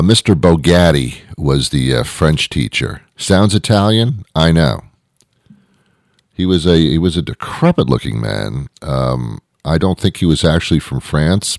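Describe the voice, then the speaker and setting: A man with an extremely deep, gravelly voice rambles through a deadpan comedy monologue, full of sardonic, misanthropic asides. His delivery swings widely in pitch. The recording is dry and close, with no room sound. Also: dry recording.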